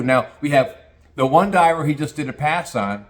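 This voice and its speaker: A man's voice: mid-range voice, a little fast. An older retired man ranting crudely and mockingly in a casual monologue, telling stories and slipping into put-on voices. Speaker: vlogger. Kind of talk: casual rant.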